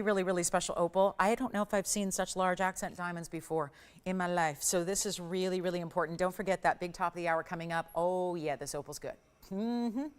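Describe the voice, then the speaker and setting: A woman hosting a live shopping channel broadcast, giving a chatty, gushing sales pitch in a TV studio and repeating words for emphasis. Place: television studio.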